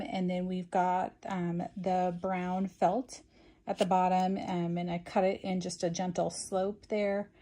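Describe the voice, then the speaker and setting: A woman giving a relaxed craft tutorial, talking through each step in a casual, unhurried way. She leans on frequent ums and small restarts as she explains. Her pitch sits in a middle range for a woman. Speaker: craft instructor.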